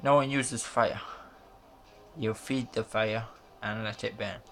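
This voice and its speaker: A man's voice: lowish voice, steady tone, takes it slowly, a bit bright, soft background music. A man reading the lines of a fierce woman prisoner with fire powers, in a defiant, threatening way.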